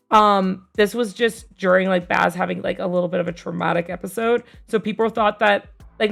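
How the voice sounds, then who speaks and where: A young woman streamer casually telling a tabletop game story, rambling with fillers and casual swearing, growing more animated as it goes. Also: mid-range voice, creaky. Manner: gets louder and more animated as the story builds.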